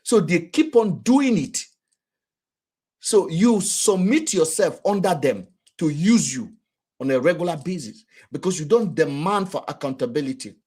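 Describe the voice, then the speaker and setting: A man with a Nigerian accent giving casual, rhetorical commentary in a husky voice. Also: on the high side, measured pace. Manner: animated, rhetorical, acts out quotes. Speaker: vlogger and commentator.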